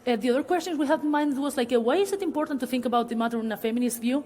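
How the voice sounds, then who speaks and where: A woman with a high, dark-toned voice races through her remarks on a public panel in a cultural centre hall. She speaks hesitantly, full of fillers, and the recording carries a long hall reverb.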